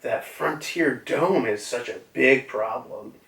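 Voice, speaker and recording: A man reading as a cold, arrogant government agent with a flat, dismissive delivery. The voice is even in pitch, and the room sounds roomy. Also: slow pace, gravelly. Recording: roomy, slightly distant mic.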